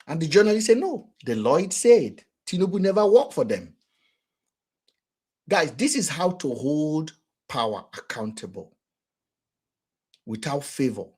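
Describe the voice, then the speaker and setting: A man with a Nigerian accent giving casual, rhetorical commentary in a husky voice. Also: a little high, a little slow, long pauses. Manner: animated, rhetorical, acts out quotes. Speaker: vlogger and commentator.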